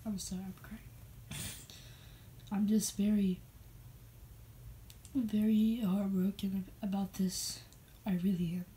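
A woman voicing a grieving young man who speaks in halting, stammered words while crying at his father's funeral, in a homemade puppet show. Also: mid-range voice, little pitch movement, natural voice, low-quality recording. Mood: tearful. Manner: halting, stammering, soft and tearful.

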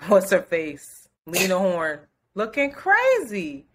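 A young woman co-hosting a podcast, chatting casually in an animated, gushing way with frequent laughter. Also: mid-range voice, slow, a little hiss or hum. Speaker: podcast co-host. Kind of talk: casual chat.

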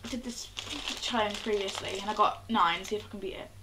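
A woman's voice: medium pitch, fairly even intonation, a little fast, background noise. A woman doing a casual dare challenge vlog, reading out dares and reacting with giggles. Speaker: vlogger.

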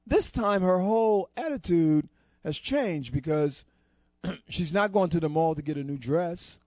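Male storyteller, high voice, expressive and deliberate; dull, dry lo-fi recording. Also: dry recording. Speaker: storyteller at a society program. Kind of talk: motivational storytelling.

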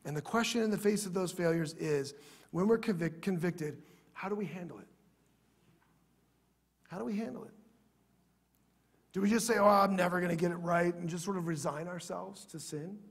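A male pastor preaches in a church, his voice pitched high with a husky grain. He talks earnestly and often sinks to a hushed, prayerful tone. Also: moderate pace, pauses often. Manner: earnest, drops to soft prayerful tones. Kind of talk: sermon.

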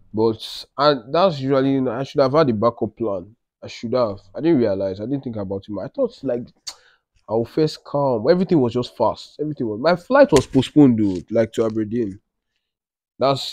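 Young man, Nigerian English accent, casual vlog chat, self-mocking, rambling, mid-pitched, dry close sound. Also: a little mellow, dry recording. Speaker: vlogger.

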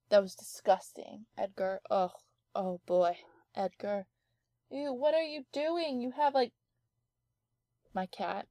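A woman's voice: mid-range voice, darkish tone, no echo, clean studio sound. A young woman giving casual, giggly gameplay commentary from her home office, thinking aloud with lots of ums. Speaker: let's play gamer.

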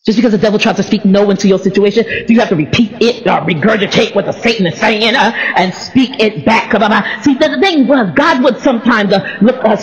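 A woman preaches with animated energy, stumbling over repeated words and filling pauses with ums. She laughs often and breaks into sudden shouts. The sound is roomy and a little muffled, like a church recording. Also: mid-range voice. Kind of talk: sermon. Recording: echoey, slightly dull church recording.

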